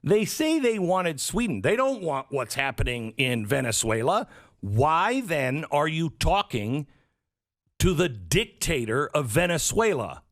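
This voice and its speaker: Male commentary host, lively pitch, sarcastic monologue, dry close mic. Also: unhurried, no echo. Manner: sarcastic, animated, mimics others in quotes.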